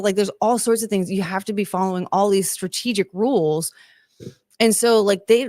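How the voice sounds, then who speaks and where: Chatty and exasperated, a young woman podcast host rants through casual commentary and reads chat, packing her speech with fillers. Her voice runs on the low side, and the clean studio recording has no echo.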